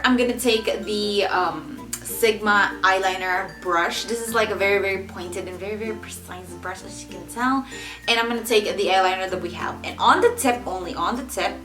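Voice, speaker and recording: A young beauty vlogger with a mid-range, fairly bright voice walks through her makeup routine at a moderate pace. Her manner is chatty, and she doubles words to stress them. Faint background music and a roomy echo fill the recording.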